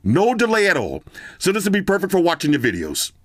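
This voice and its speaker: A man's voice: sits high, wildly swooping pitch, quick pace, dry recording, clean studio sound. A man casually reviewing earbuds on his channel, chatting straight to viewers in slang. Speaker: product reviewer. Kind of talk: casual tech review vlog.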